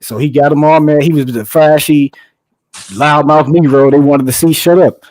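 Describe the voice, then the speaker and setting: A man's voice: fairly high pitch, fairly even intonation, normal speed, darkish tone, no room sound, low-quality recording. A man in casual chat, talkative and profane, explaining his views at length.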